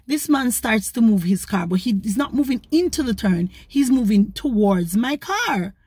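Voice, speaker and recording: A woman, a vlogger, retelling a story in an animated, indignant way. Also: on the high side, normal speed, slightly rough, dry recording. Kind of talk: storytelling to camera.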